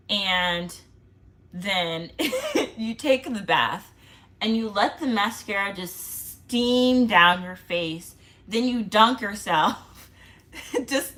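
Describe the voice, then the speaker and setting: A woman's voice: medium pitch, bright, forceful tone. A young woman vlogger in casual chat, chatty and self-mocking, laughing often.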